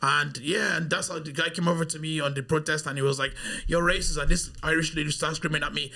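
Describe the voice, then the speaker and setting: A man tells stories on a podcast, bringing each one to life by mimicking the voices of the people in them. His voice has a gravelly texture and a sharp, bright edge. The delivery is relaxed, chatty and conversational. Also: a little high, fast talker, few pauses. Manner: animated, acts out the voices of people he quotes. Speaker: podcast guest. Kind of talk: casual storytelling.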